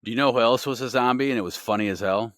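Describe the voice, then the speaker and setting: A man's voice: medium pitch, racing, fairly bright tone, no echo, studio quality. A man co-hosting a casual podcast, talking enthusiastically, swearing freely and rambling through asides. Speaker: podcast co-host.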